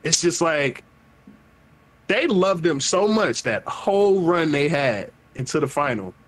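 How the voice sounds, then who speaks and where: A man hosting a podcast in casual chat, animated, profane and emphatic as he talks with friends. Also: a little high, a little slow. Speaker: podcast host.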